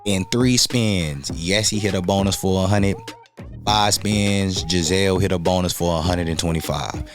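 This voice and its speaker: Guy from north carolina telling a story, kinda low voice, slangy, soft music behind. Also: normal speed. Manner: animated, slangy, acts out other people's lines. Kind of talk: casual storytelling vlog.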